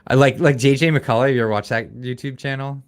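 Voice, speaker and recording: On a livestream, a Canadian man with a mild accent chats casually in a clean, steady, medium-pitched voice at a quick pace. A guest who is a political YouTuber, he rambles, restarts his sentences and reads viewer comments aloud.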